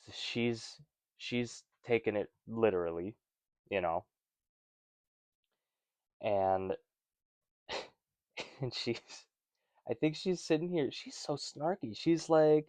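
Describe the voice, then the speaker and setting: A man's voice: medium pitch, slow pace, pauses often, a little mellow, no room sound. A man hosting a casual Bible study, reading passages and commenting with wry, rambling asides.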